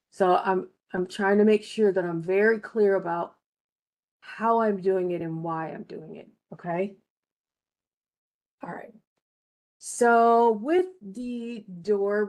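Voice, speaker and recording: A woman's voice: on the low side, darkish tone. A woman teaching a game design class, explaining each step patiently and checking in with her students. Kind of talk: recorded screen-share lesson.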